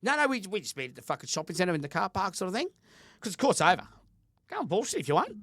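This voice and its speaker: A man's voice: high voice, sing-song, very fast, a bit bright, dry recording, clean studio sound. A middle-aged Australian man co-hosting a podcast, telling a heated story in casual chat and swearing constantly. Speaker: podcast co-host.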